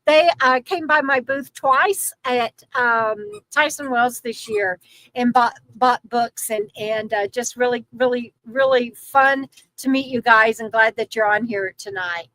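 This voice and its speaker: A woman's voice: on the high side, a little slow, dry recording, rough recording. A middle-aged woman, chatting casually and giggling as she reads viewer comments on a livestream. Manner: chatty, giggly, talks to her dog in a soft baby voice. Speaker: vlogger hosting a livestream. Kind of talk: casual live chat reading viewer comments.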